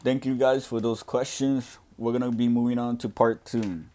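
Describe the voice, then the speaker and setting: A young deaf man speaking loudly and earnestly in a casual question-and-answer talk, with frequent restarts. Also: medium pitch, little pitch movement, moderate pace. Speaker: student podcaster answering questions.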